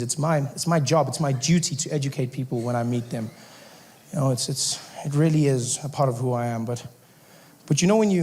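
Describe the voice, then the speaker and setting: A man performing a lively stand-up comedy routine, slipping in and out of mimicked voices. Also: mid-range voice. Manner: animated, swings into mimicked voices. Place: theater stage before an audience. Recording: live stage set with loud crowd and noise.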